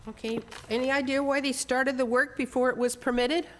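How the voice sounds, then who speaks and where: A woman chairing a town commission meeting, brisk and procedural as she runs motions and swears in speakers. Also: sits high, fairly even intonation.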